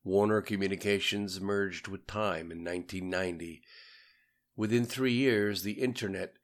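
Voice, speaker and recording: A man's voice: sits low, moderate pace. A man narrating an audiobook with a grave, solemn delivery.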